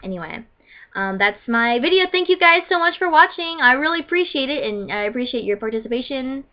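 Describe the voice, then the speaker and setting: A woman's voice: high voice, animated, a little fast. A woman cosplayer chatting in a casual vlog, gushing and rambling with many fillers. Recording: muffled lo-fi recording.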